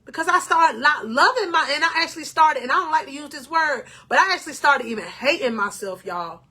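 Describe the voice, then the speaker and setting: Bright high-voiced woman life coach. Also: lively intonation, a little fast. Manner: emotional, preachy, addresses viewers as king or queen. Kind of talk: motivational talk to camera.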